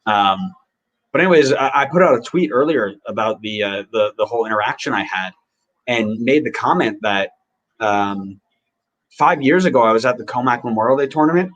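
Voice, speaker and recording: A man hosting a podcast, rambling casually and reacting excitedly while he watches a match live. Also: mid-range voice, a little fast, muffled recording. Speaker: podcast host.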